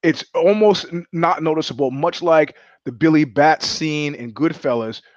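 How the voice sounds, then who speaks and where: A man hosts a podcast in a casual, rambling monologue, wandering off on wry tangents. His voice sits a little high for a man. The recording is muffled and lo-fi, with no room sound at all. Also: moderate pace, dry recording. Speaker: podcast host.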